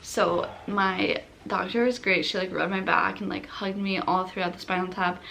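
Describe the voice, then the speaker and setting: A woman's voice: mid-range voice, steady tone, moderate pace, gravelly, pushed and bright, a little hiss or hum. A young woman casually telling her birth story at home, chatty and laughing often. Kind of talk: casual chat. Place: home at night.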